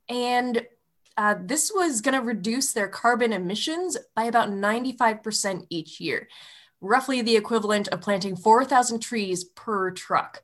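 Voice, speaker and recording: A woman's voice: mid-range voice, a bit bright. A woman co-hosting a podcast in casual chat, playful and swearing freely. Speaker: podcast co-host.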